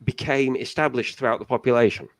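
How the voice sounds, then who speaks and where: A man's voice: mid-range voice, quick pace. A man as a guest on a casual talk show, giving long explanations with many restarts.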